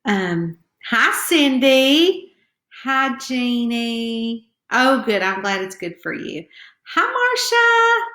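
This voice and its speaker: A woman's voice: on the high side, very animated, extremely slow, sharp tone. A middle-aged woman with a Southern hillbilly twang, chatting nervously with viewers on a live stream from home and greeting them by name. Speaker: author hosting a live stream. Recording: echoey room.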